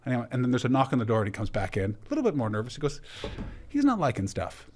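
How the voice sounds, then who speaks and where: A man from Canada, a comedian guest on a podcast, telling a story in a casual, animated way. He acts out the other people in the story and swears freely. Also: medium pitch, rapid-fire.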